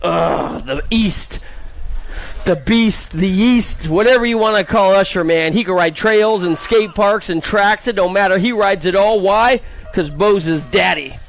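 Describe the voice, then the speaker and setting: An American man calling BMX races live, fast and hyped, joking and teasing riders by nickname. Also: sits high, creaky. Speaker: race announcer. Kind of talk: live sports commentary.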